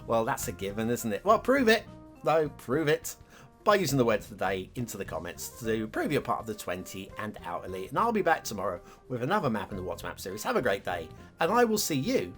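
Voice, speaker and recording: A man's voice: mid-range voice, huge pitch swings, fairly quick, faint music behind. A man hosting a game map review show, chatting casually, joking and giggling as he talks over gameplay footage. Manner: chatty, giggly, jokey asides.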